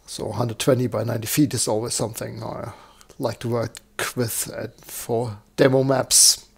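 A man with a croaky, slightly hoarse voice, walking through a software demo live and thinking aloud with lots of fillers. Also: medium pitch, flat delivery, moderate pace. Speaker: software tutorial presenter. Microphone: desktop microphone.

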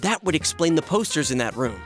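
A man's voice: on the high side, big pitch swings, a little fast, over music. A man voicing an earnest, determined teenage schoolboy in a video game, talking urgently. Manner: urgent, earnest, talks things through. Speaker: voice actor.

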